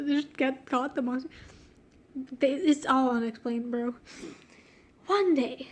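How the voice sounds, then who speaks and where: A woman's voice: high-pitched, unhurried, pauses often. A woman reading her own childhood story aloud, breaking off to mock it in a slangy, giggly way. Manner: giggly, slangy and self-mocking; easily distracted, breaks off mid-sentence. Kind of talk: reading aloud with joking commentary.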